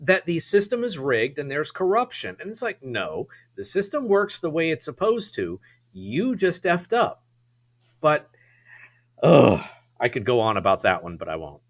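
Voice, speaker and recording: A man on a casual talk show, speaking deliberately and emphatically. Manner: deliberate, emphatic, lively pitch. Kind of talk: casual chat.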